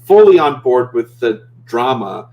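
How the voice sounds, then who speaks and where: A man's voice: mid-range voice, very animated, measured pace, highs cut off. A man in casual watch-party commentary, playful and joking as he shares trivia.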